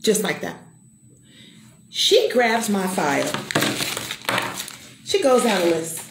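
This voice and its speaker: A woman's voice: mid-range voice, wildly swooping pitch, slow pace, roomy sound, background noise. A middle-aged woman giving an emphatic, preacher-like personal testimony and calling out to the listener. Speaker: motivational speaker.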